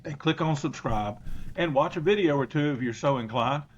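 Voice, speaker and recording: A man's voice: fairly high pitch, normal speed, highs cut off. A man from the Southern United States with a Southern accent, a football coach guest talking in a folksy, self-deprecating way. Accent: Southern American. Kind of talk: casual podcast chat.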